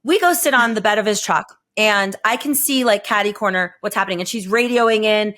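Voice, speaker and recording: A woman's voice: medium pitch, fairly quick. A woman in her thirties telling a long story on a podcast, chatty and profane, acting out what people said. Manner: animated, profane, acts out quotes in raised voice. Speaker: podcast host. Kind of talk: storytelling casual chat.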